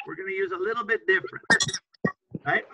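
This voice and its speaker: A man's voice: high-pitched, fairly quick, highs cut off, very noisy. A man teaching an English class to students, patiently repeating example phrases and often checking understanding with "right?".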